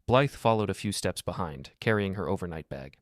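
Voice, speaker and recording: A man narrating a first-person story in a calm, even, measured way. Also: sits low, dry recording, studio quality.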